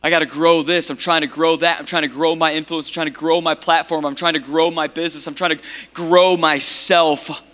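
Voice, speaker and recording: A man preaching a sermon as pastor of his church, impassioned and repetitive, building to shouted peaks. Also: fairly high pitch, steady tone, a little fast.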